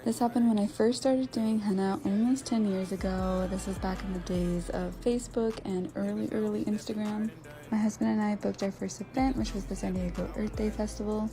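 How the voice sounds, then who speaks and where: A woman's voice: mid-range voice, steady tone, moderate pace. Chatty woman telling viewers a storytime. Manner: talks directly to her viewers, chatty. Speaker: henna artist.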